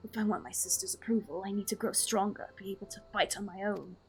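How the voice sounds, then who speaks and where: A woman voicing an earnest, self-doubting young male adventurer in a game, speaking softly and lower than her own voice. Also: steady tone, fast, slight background noise, close to an everyday voice.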